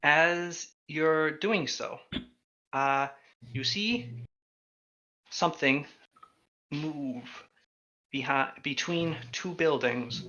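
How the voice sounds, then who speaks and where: Bright-voiced man running a tabletop game. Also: on the high side, poor audio. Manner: describing scenes slowly with many ums and uhs. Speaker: game master.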